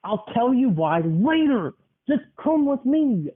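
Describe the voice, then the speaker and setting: A man's voice: very high voice, big pitch swings, slow, pitched above the performer's own voice, exaggerated voice. A young man voicing a desperate adult male stranger who pushes and pleads for help, in a story he is making up. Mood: insistent. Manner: insistent, pushy, then pleading. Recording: tinny phone-like sound.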